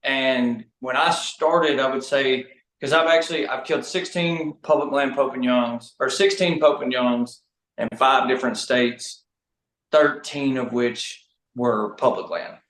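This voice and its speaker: Animated man telling hunting stories. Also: mid-range voice. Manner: animated, talks fast in bursts, laughs mid-story. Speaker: podcast guest, bowhunter. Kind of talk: casual storytelling chat. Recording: roomy echo.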